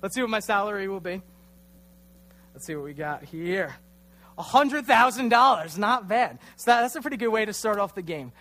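A man's voice: sits high, animated, normal speed, bright, forceful tone. A young man in his twenties giving a casual, self-deprecating youth sermon in a church, telling a funny story and acting out the quotes. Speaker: youth pastor.

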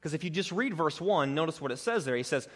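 A man preaching a sermon as pastor. He speaks earnestly and builds emphasis, rising in pitch and force as he presses each point. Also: lively intonation, quick pace, a bit bright. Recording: long reverb of a large hall.

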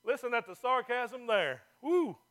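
A man's voice: very high voice, expressive, a little slow, fairly bright tone. A male pastor, preaching a folksy, fervent sermon to a church.

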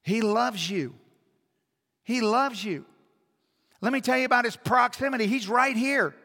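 A man preaching a sermon as pastor, swinging between hushed, intimate asides and loud, emphatic exhortation. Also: extremely high pitch, a little slow. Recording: long hall reverb.

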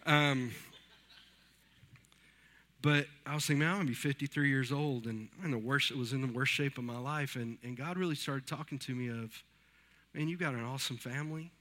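A man's voice: medium pitch, a little fast, pushed and bright. A pastor in his fifties giving a conversational sermon in church, telling stories and acting out what others said. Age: 50s. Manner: conversational, storytelling with quoted voices. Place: church sanctuary.

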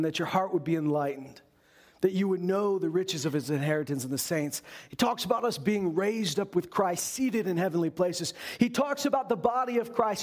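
A man with a high-pitched voice preaches a sermon. He speaks earnestly as a pastor and poses rhetorical questions to the congregation.

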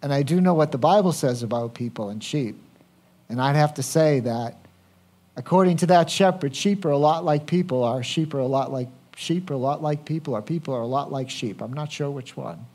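A man's voice: medium pitch, brisk, dark tone. A man preaching a sermon, speaking conversationally and asking the congregation questions. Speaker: pastor.

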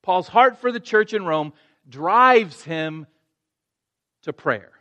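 A man's voice: high-pitched, lively intonation, takes it slowly, bright, forceful tone, highs cut off. A male pastor preaching a sermon, earnest, restarting phrases and rising to emphatic points.

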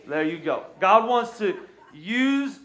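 A man, an energetic pastor preaching a sermon from a church stage and urging the congregation to respond. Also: high-pitched, takes it slowly.

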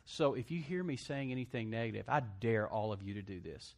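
A man's voice: medium pitch, expressive, brisk, darkish tone. A man preaching a sermon, asking the congregation for amens and joking as he acts out other people's voices. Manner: preachy call-and-response, asks congregation for amens; jokey, acts out quoted voices. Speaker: pastor.

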